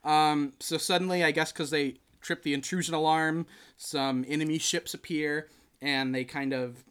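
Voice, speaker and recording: A man hosting a podcast, chatting casually and retelling a film with lively acted-out quotes. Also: on the high side, moderate pace, clear, resonant tone. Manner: animated storytelling, acts out quotes. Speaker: podcast host. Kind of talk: casual chat.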